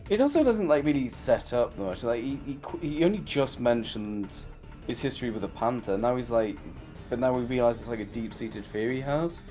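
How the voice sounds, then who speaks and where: A man's voice: medium pitch, expressive, normal speed, warm tone, soft background music. A man co-hosting a casual review chat, rambling with lots of "like" and acting out lines he quotes. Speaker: podcast co-host reviewing a cartoon.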